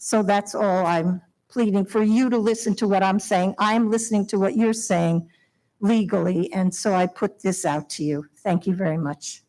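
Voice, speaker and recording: A woman's voice: mid-range voice, steady tone, normal speed, warm tone. A woman in her seventies from Long Island, New York, making a heartfelt, emotional plea as a resident at a town hall hearing, speaking into a podium microphone. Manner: emotional, heartfelt pleading with nervous laughs. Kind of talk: public comment at town meeting. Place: town hall meeting room.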